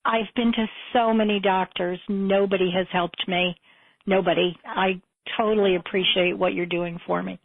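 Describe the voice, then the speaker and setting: A woman's voice: medium pitch, fairly even intonation, moderate pace, no echo. Tearful woman caller on a phone line. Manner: tearful, grateful.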